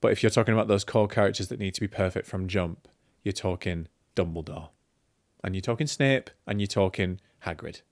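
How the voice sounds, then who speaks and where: Man, film review host, casual opinionated chat, lowish voice, dry close sound. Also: fairly quick, dry recording. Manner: chatty, opinionated, lots of fillers and restarts.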